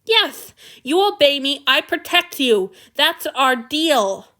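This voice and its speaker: A woman's voice: high-pitched, big pitch swings, slow pace, bright, forceful tone, pitched above the performer's own voice, heavily acted. A woman reading aloud, voicing an injured, guilt-ridden male lord with a lisp who speaks in frustration. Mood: frustrated. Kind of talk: audiobook reading.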